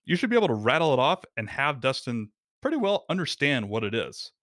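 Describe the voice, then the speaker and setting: Lively guy explaining podcast tips, bouncy pitch, dry close mic. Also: no echo. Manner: animated, quick explainer acting out quotes. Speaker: podcast guest. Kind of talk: casual podcast conversation.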